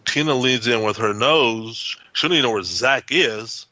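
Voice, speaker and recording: A man's voice: mid-range voice, normal speed, sharp tone, no echo. A man, a house owner being interviewed, telling his story in a rambling way with many restarts and acted-out quotes.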